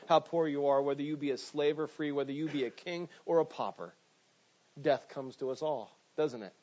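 A medium-pitched, darkish-toned male pastor delivers a conversational sermon. He frequently repeats words, restarts, and adds "right?" asides, heard through dull lo-fi sound.

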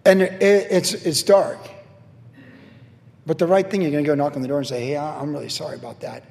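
Chatty storytelling pastor in a large hall. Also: male voice, a little high, steady tone, a little fast, vocal fry, a little mellow. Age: middle-aged. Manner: storytelling, self-deprecating with laughs. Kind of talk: sermon.

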